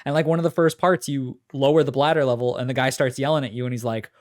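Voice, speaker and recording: A man's voice: medium pitch, steady tone, fast. Rambling man recapping game demos. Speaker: podcast co-host. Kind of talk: casual podcast chat.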